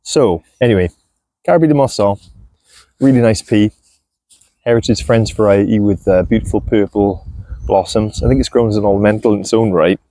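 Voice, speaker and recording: A man chatting casually while he shows his farm and garden, relaxed and self-deprecating, with a clip-on mic. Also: fairly low pitch, fairly quick, no room sound. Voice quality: gravelly. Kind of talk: casual walk-and-talk vlog. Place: outdoors on a farm and in a polytunnel. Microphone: clip-on mic on clothing.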